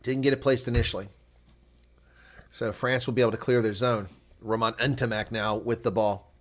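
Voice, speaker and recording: Here a man hosts live rugby commentary at a moderate pace and medium pitch, narrating each play. He stays analytical and calm until key moments, when he starts shouting with excitement.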